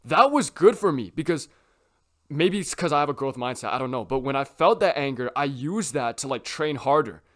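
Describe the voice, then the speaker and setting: A man's voice: mid-range voice, expressive, moderate pace, a bit bright. A young man talking casually to camera about self-improvement, rambling with lots of filler words and tag questions. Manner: rambling, heavy use of "like" and "right?".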